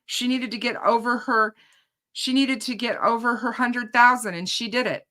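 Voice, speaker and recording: Woman, true crime host, indignant chatty vlog, bright clear tone. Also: a little high, fairly even intonation, moderate pace. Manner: indignant, emphatic storytelling. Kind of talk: casual chat to viewers.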